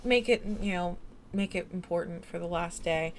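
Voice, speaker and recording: A woman's voice: lowish voice, normal speed, slight background noise, natural voice. A woman doing a nervous hungover conductor. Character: hungover young male train conductor, nervous.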